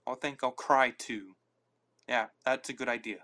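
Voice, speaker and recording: A man's voice: medium pitch, fairly even intonation, moderate pace, sharp tone. A man hosting a casual live podcast on his phone, rambling and reacting aloud to listener comments. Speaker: podcast host.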